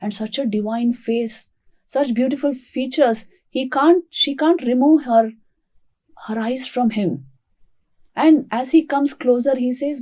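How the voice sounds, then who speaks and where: A woman monastic teacher retelling a devotional story in a spiritual talk. She tells it calmly and expressively. Her voice is fairly high, soft and warm. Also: unhurried, pauses often.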